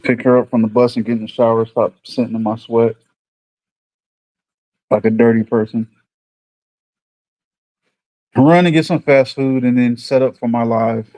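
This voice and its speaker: A man's voice: mid-range voice, fairly even intonation, moderate pace, long pauses, mellow, no echo. A man with a New York accent chatting casually with viewers on a livestream. He rambles and thinks aloud in an easygoing way. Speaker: livestream host.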